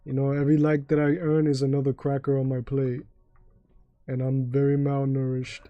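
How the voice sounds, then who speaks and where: A man's voice: mid-range voice, completely flat delivery, normal speed, no room sound, muffled recording. A young man streaming a game live, chatting in a laid-back, rambling way with frequent swearing and restarts. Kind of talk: casual livestream chat.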